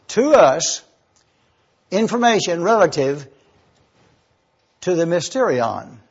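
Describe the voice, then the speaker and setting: Man teaching scripture, high husky voice, deliberate, spells words out, dull lo-fi sound. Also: very animated. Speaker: Bible teacher. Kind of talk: verse-by-verse Bible teaching.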